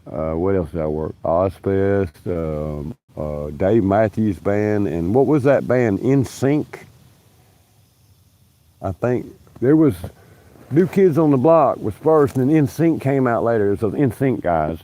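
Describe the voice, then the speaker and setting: Sitting in his backyard on a livestream, a man who works as a union stagehand tells meandering stories full of profanity and laughter in a drawl. His fairly low, mellow voice is unhurried and lively in intonation, recorded by a phone camera placed close by.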